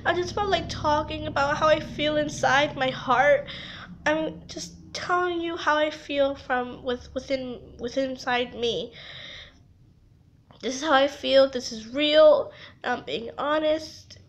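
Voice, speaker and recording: A young woman crying as she talks in a confessional vlog, halting and rambling, stumbling over her words. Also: sits high, highs cut off, a little hiss or hum. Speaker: vlogger.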